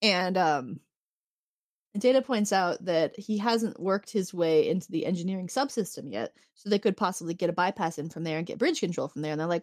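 Podcast co-host, female, animated storyteller who laughs a lot, dry close mic. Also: lowish voice, brisk, no echo. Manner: animated storytelling, acts out quotes, laughs often. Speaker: podcast co-host recapping an episode. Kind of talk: casual chat.

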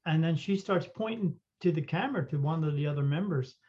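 Rambling man with a higher voice. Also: a little fast, darkish tone. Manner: rambling, full of fillers and restarts. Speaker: psychic medium guest. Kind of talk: casual storytelling. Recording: dull lo-fi recording.

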